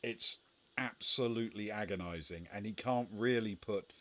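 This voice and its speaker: A man's voice: fairly low pitch, moderate pace, fairly bright tone. A man acting as game master, narrating a tabletop game in a hesitant way with many restarts.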